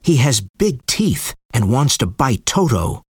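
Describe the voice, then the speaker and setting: A woman reads a children's story with an expressive, lively lilt in a very low, husky voice. The recording is dry and close. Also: takes it slowly, no echo.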